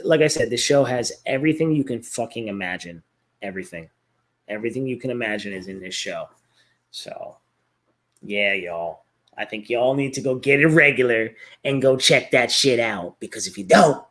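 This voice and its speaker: A vlogger reviewing a cartoon series chats casually about a favorite cartoon, rambling, laughing often and swearing freely. He has a medium-pitched, fairly bright voice.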